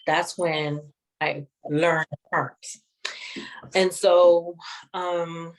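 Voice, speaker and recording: A woman sharing a personal testimony in an interview, speaking in a measured, reflective way with many pauses. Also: sits low, low-quality recording. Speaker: guest sharing her testimony.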